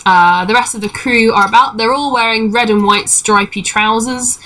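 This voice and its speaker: A woman's voice: on the high side, normal speed, pushed and bright, poor audio. A young adult woman narrating a tabletop game as game master, describing scenes with many fillers.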